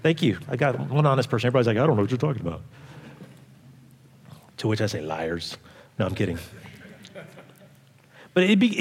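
A man preaching a sermon in a conversational way, often asking the congregation questions. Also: mid-range voice. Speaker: pastor. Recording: long hall reverb.

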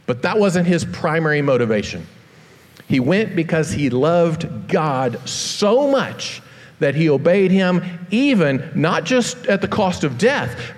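A man preaching a sermon earnestly, slowing down to give his points weight. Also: on the high side. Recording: long reverb of a large hall.

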